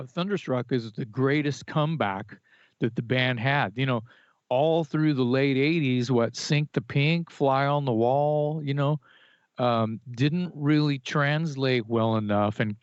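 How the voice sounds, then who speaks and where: A man's voice: medium pitch, measured pace, dry recording. A man talks music with plenty of opinion, circling back on his words as he goes. His recording is dry and a bit muffled, like a home podcast setup. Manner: opinionated, animated, with restarts and fillers. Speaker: podcast co-host. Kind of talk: casual music chat. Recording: dry, slightly dull podcast audio.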